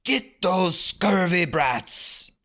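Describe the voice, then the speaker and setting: A man's voice: high-pitched, lively intonation, drawn-out words, fairly bright tone, pitched above the performer's own voice, heavily acted. A man voicing a snarling, villainous pirate captain who bellows his threats. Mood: menacing. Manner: bellowing, menacing.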